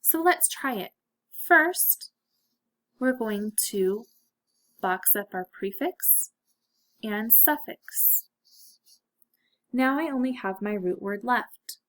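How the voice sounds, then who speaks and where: A woman teaching a phonics lesson to children, speaking clearly and encouragingly. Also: medium pitch, animated, slow pace, long pauses.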